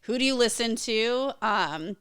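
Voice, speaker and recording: Sarcastic woman with a bright voice. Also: a little high, expressive, measured pace, smooth. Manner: dry, sarcastic asides. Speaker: podcast co-host. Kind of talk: casual chat.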